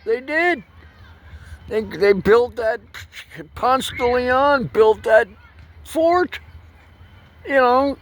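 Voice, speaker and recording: A man, rambling through a profane, loose vlog monologue that swings between loud bursts and low mutters. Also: vocal fry, a little hiss or hum. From United States. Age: 60s. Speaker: vlogger.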